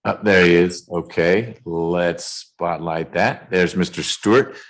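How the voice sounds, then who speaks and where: A man presiding as judge over a remote court calendar hearing, speaking in a measured way with dry jokes, over a video call. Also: deep voice, fairly bright tone, poor audio.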